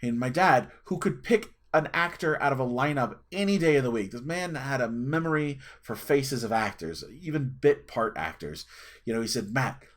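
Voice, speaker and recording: A man's voice: medium pitch, lively intonation, moderate pace. Man, thirties, casual storyteller, lots of fillers and restarts. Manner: chatty, rambling, with many fillers and restarts. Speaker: channel host.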